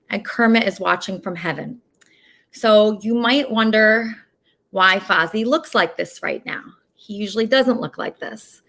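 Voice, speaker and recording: A woman's voice: medium pitch, fairly bright tone. A young woman hosting a casual video show, ranting indignantly and swearing. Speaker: host.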